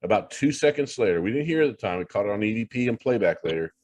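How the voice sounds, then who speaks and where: Middle-aged male guest with a deep voice; lively, profane, repetitive storyteller. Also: very fast. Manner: animated, swears freely, repeats himself for emphasis. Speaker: paranormal investigator guest. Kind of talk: casual storytelling.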